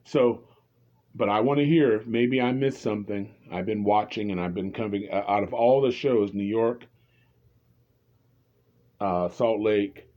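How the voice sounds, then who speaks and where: A man's voice: fairly low pitch, unhurried, long pauses, dull audio. A man commenting on reality TV in a casual, rambling, opinionated way, often restarting his sentences.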